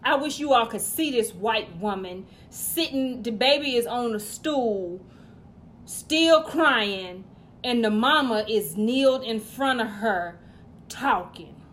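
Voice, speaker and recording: Brash, high-voiced profane woman comic. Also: lively intonation, slow, a little hiss or hum. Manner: brash and profane, with loud exasperated outbursts. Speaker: stand-up comedian. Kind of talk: stand-up routine.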